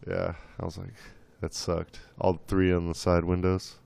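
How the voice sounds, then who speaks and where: A man's voice: low voice, monotone, unhurried, vocal fry, darkish tone, clear, resonant tone, dry recording. A young man in a casual chat, telling laid-back stories and swearing a lot.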